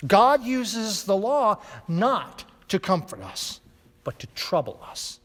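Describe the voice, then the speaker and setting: A middle-aged male pastor preaching a sermon in an emphatic way, with dramatic pauses and big swings in loudness. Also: sits high, big pitch swings. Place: church sanctuary. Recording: long church reverb.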